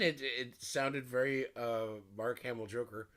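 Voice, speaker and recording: A man, a voice actor, answering interview questions in a warm, rambling, reminiscing way. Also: mid-range voice, steady tone, a little slow.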